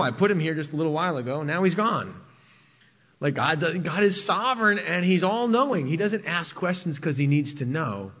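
A man preaching in a large church sanctuary, his slightly high voice trailing off into a long hall reverb. He tells stories from the pulpit, building to loud, emphatic peaks and then dropping to soft, intimate asides. It sounds like a live sermon. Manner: storytelling preacher, swings between loud emphasis and quiet intimacy. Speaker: pastor.

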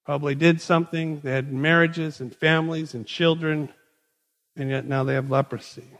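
A male pastor preaching a sermon in a conversational, animated storytelling manner, recorded in a large hall. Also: on the high side, normal speed. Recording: long reverb in a large hall.

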